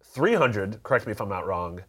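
A man's voice: fairly low pitch, very animated, normal speed, a bit bright, slightly rough. A man in casual podcast chat, cracking playful jokes. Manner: joking, playful interjections.

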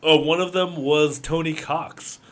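A man's voice: a little high, steady tone, unhurried. A man co-hosting a podcast in casual chat, rambling and laughing often. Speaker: podcast co-host.

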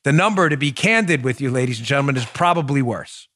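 A man's voice: mid-range voice, animated, quick pace, a bit bright, dry recording, clean studio sound. A man hosting a political podcast, talking emphatically and building to heated, repetitive points. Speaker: podcast host. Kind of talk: political commentary.

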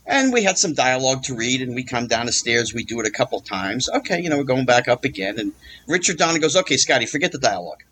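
A man's voice: medium pitch, fast talker, a little hiss or hum. A man telling an anecdote as an interview guest, acting out the voices of the people in it. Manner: lively, acts out quoted voices. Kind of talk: animated storytelling anecdote.

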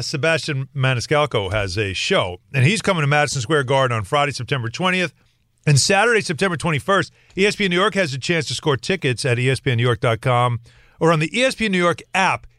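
Lively-pitched man on sports radio. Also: fairly quick, no room sound, clean studio sound. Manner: easygoing, laughs often. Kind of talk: casual sports radio banter and live ad reads.

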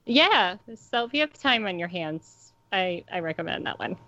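A woman co-hosting a casual podcast chat, excitable and chatty, filling her talk with "like". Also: on the low side, moderate pace. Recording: muffled lo-fi dry sound.

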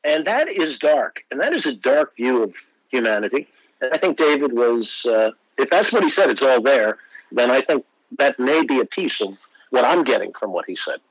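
Animated man in his sixties, storytelling. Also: mid-range voice, normal speed, dry recording, lo-fi sound. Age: 60s. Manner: animated anecdotes, acts out quoted voices. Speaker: actor guest. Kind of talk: storytelling interview.

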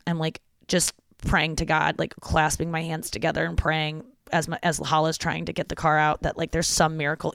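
Chatty storyteller with a smooth voice. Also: medium pitch, no room sound, clean studio sound. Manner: animated, chatty, lots of "like" and swearing. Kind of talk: casual storytelling.

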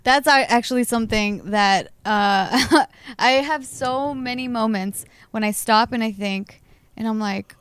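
A young woman in a casual group chat, animated and swearing now and then. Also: a little high, measured pace, smooth, no echo. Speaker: panel guest.

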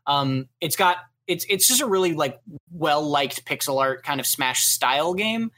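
A man's voice: on the high side, lively intonation, moderate pace, sharp tone. Casual male podcast co-host, rambling and chatty. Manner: rambling, filler-heavy. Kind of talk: casual chat.

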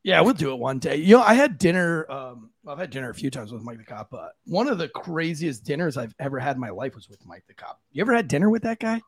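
A man's voice: on the high side, sing-song, quick pace, hardly any pauses, no echo. A man hosting a podcast, chatting casually, telling stories with laughter and plenty of swearing. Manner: laughing, storytelling, swears freely. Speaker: podcast host. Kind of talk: casual chat.

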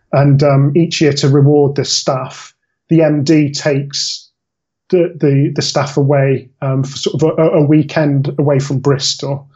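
A man telling a story on a podcast, his voice sitting a little higher than most. He rambles and restarts as he goes, in an easy, chatty way. The audio is dull and lo-fi. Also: a little mellow, slightly rough. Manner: rambling, self-correcting storyteller. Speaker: podcast guest. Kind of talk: casual storytelling chat.

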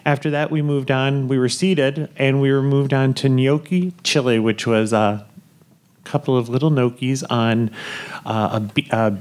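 A man's voice: mid-range voice, fairly even intonation, moderate pace. Chatty man telling a live audience a story. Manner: chatty, laughing, enthusiastic food storytelling. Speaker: podcast host. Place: theater on a cruise ship.

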